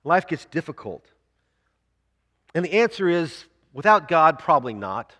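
A man preaching a sermon as pastor, earnest and explaining, slowing down when he reads scripture aloud. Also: on the high side, very animated, bright, forceful tone, husky, in a large hall.

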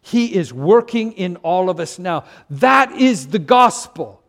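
Older canadian guy preaching, slow and earnest, kinda high voice, trips over words a bit. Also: sing-song. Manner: earnest, emphatic, with stammered restarts. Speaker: pastor. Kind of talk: sermon.

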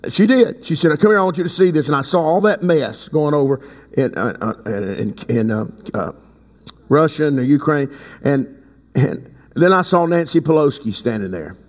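A man preaching a sermon as bishop of his church, talking conversationally and breaking into loud emphatic bursts. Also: medium pitch, very animated, moderate pace. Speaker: bishop and pastor. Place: church sanctuary. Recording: long reverb in a large hall.

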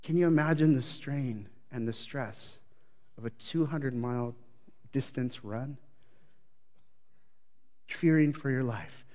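A man preaching a sermon with a storyteller's flair. He swings from loud, building phrases to hushed, low lines, with a mid-range voice. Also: slow, long pauses. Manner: dramatic storytelling, voicing the prophet's panic; varies loudness widely, building up then dropping low. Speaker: pastor.

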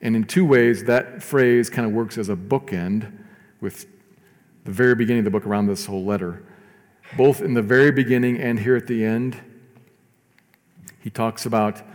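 A pastor preaches a sermon earnestly, his voice rising to emphatic lines and dropping to soft, slow ones. He sits on the low side, and there's a long reverb tail.

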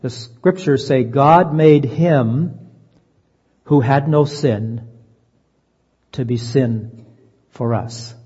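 A man preaching a sermon in an earnest voice, slowing down to stress key phrases. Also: medium pitch, dark tone, slightly rough. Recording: dull lo-fi sound, long reverb.

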